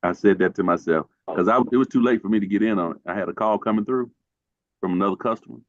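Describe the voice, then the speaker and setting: A man on a casual trading call talks in a measured, reflective way. His voice is very low, and the dry, dull audio sounds lo-fi. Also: no room sound. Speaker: trader on a group call.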